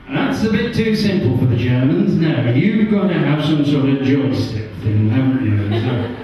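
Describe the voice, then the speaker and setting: An English man doing a stand-up comedy set on a pub stage, animated and jumping into high voices for characters. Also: slight background noise. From England. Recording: distant, roomy and muffled pub recording.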